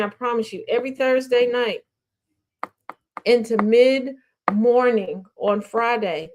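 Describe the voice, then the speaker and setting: A woman's voice: a little high, a little mellow, a little hiss or hum. A woman hosting a casual news show and commenting on social media gossip in a sassy, blunt, slang-heavy way. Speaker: host.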